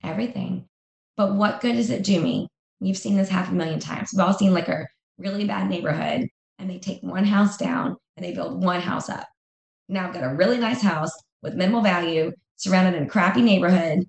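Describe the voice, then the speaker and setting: A woman's voice: lowish voice, brisk, vocal fry, reverberant. A woman speaking as an interview guest in a candid conversation, emphatic and repeating phrases for effect.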